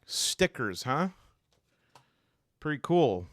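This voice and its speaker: A man casually unboxing tabletop games, animated and exasperated, rambling with many restarts. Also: mid-range voice, extremely slow. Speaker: tabletop game reviewer.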